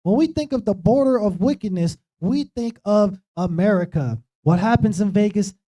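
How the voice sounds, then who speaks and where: A man's voice: high voice, normal speed, dark tone. A man leading an informal Bible study, talking conversationally and often checking in with "right?". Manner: conversational, keeps asking "right?". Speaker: preacher. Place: streamed church talk show.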